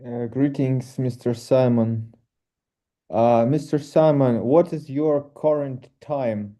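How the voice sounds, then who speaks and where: A man with a Russian accent co-hosting an online call, speaking hesitantly with many pauses and filler sounds. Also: mid-range voice, fairly even intonation, mellow. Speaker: event co-host. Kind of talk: casual online call chat. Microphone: video call. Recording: dull lo-fi call audio.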